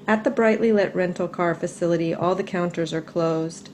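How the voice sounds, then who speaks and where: A middle-aged woman reading her own personal essay aloud in a calm, measured, reflective way. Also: lowish voice, slight background noise.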